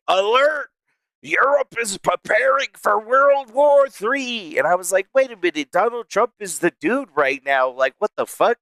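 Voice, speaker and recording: Bright, rambling streamer man. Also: on the high side, smooth, no echo. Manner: rambling, profane, laughs a lot. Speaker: live streamer. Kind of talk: casual live-stream chat. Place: small room at home.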